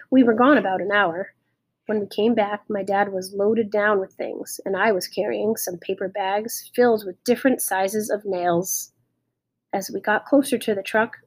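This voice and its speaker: Steady woman reading an audiobook. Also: medium pitch, husky. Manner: steady, measured storytelling. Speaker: audiobook narrator. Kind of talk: audiobook narration.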